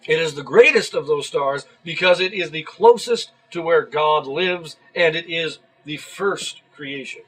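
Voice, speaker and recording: A man's voice: on the high side, unhurried, few pauses, fairly bright tone, breathy edge, low-quality recording. A man giving earnest solo commentary in a video, explaining and growing emphatic when he disagrees. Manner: earnest, gets worked up and emphatic. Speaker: YouTube commentator.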